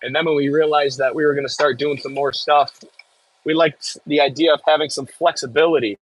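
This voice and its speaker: A man's voice: on the high side, fairly even intonation, a little fast, no echo, rough recording. A man with a Midwestern American accent chatting casually on a live stream, reading viewer comments aloud with jokey asides. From Midwest United States. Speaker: farm worker live-streaming from an excavator.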